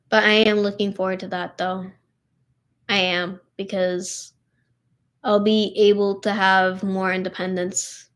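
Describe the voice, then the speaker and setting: A woman's voice: medium pitch, fairly bright tone. Young woman, streamer, weary and emotional, casual chat full of "like" and "literally". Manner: emotional, tired, heavy use of "like" and "literally". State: tired and upset.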